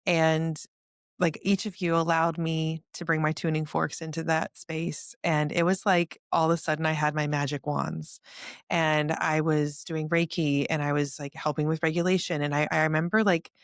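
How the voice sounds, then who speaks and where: A woman who works as an energy healer, telling a story in a lively, vivid way during a casual podcast conversation. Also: low voice, normal speed, no echo, studio quality.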